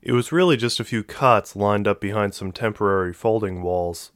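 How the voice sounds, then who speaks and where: A man narrating a science-fiction novel in a steady, measured reading. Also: fairly low pitch, no echo. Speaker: audiobook narrator. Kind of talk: scripted narration.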